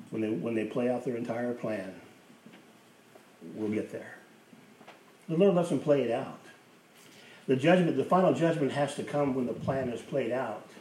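A man's voice: mid-range voice, dark tone. A man preaching a sermon as pastor, emphatic, repeating key phrases for effect. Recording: roomy, distant mic with faint hiss.

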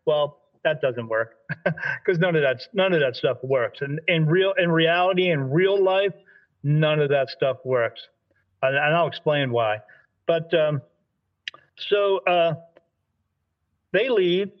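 This slightly high male voice, heard in lo-fi sound, takes things slowly and pauses often. He is a spirit medium from Delaware, USA, animatedly telling a story in conversation, acting out dialogue and often beginning sentences again.

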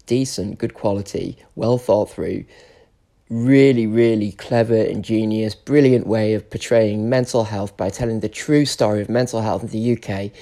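A man's voice: fairly low pitch, fairly even intonation, normal speed, vocal fry, hardly any pauses, dark tone. A British man in his forties, tearful and emotional, ranting in an unscripted solo podcast monologue and swearing often. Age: 40s. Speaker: podcast host.

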